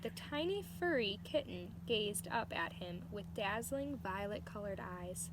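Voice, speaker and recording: A woman reading a storybook aloud to children, pausing to explain words. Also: mid-range voice, animated, background noise. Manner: slow, explaining words to young listeners. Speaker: storybook reader.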